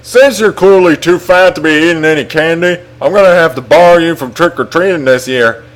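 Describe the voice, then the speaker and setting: A man voicing a short-tempered middle-aged cartoon dad who scolds loudly. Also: a little high, moderate pace, pitched above the performer's own voice, close to an everyday voice. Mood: scolding.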